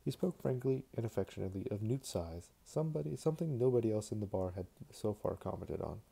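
A man's voice: lowish voice, expressive, fast, vocal fry, warm tone, breathy edge. A man doing a casual fan reading of a novel, tossing in joking asides and restarting words. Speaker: fan reader.

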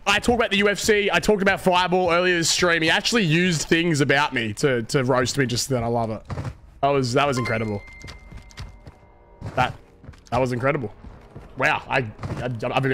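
A man's voice: fairly high pitch, brisk, sharp tone, a little hiss or hum. A young man chatting and laughing during a live game stream, greeting and thanking viewers by name. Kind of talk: casual live-stream chat over gameplay.

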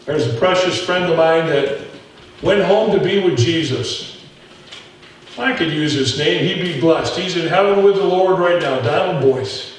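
A man's voice: a little high, heavy reverb, far from the mic, a little hiss or hum, low-quality recording. A man preaching a sermon as pastor, telling stories in a folksy way and talking straight to his folks in the pews. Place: church sanctuary.

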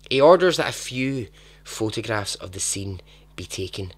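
A man with a lowish, expressive voice hosts a storytelling podcast at a moderate pace. He narrates in a chatty, dramatic style and laughs at his own joking asides.

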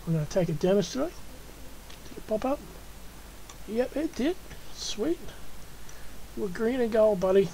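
An Australian woman hosts her own gaming channel, talking her way through play in a relaxed, chatty manner. She coos and coaxes at the animals she is taming. Her voice is warm and mellow, with a faint hum of noise underneath. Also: medium pitch, unhurried, pauses often, poor audio. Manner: chatty, coaxing and cooing at in-game animals. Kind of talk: casual gameplay commentary.

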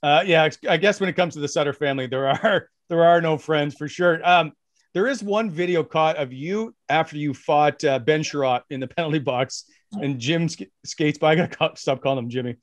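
A man's voice: a little high, a little fast, no room sound. Chuckling man with a dry close sound. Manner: curious, chuckling, with many "uh"s. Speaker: podcast co-host. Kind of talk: casual interview chat.

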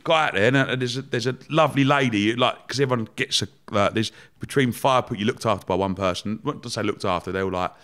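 A man at an everyday pitch, telling his story in easy podcast chat. He talks in an animated way, breaks into laughter often and swears without a second thought. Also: fast, hardly any pauses. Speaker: podcast guest, entrepreneur.

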